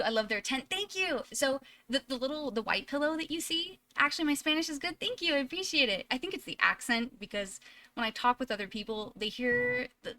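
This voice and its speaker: A woman streams from home in casual, chatty talk, thanking her viewers and restarting her sentences as she goes. Her voice sits high and sounds crisp and bright, with faint noise behind her. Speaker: live streamer. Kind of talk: casual live-stream chat.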